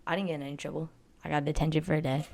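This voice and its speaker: Low-voiced teen girl rambling a story. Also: steady tone, rapid-fire, gravelly, a little mellow. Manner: rambling, filler-heavy with constant "like"; blunt, boastful. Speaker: story time vlogger. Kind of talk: casual storytelling.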